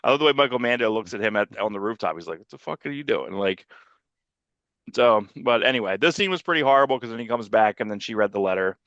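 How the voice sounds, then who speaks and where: A man's voice: on the low side, animated, quick pace, a bit bright, no echo, lo-fi sound. A man co-hosting a comics podcast, chatting casually and rambling through a movie review, often restarting his sentences. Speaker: podcast co-host.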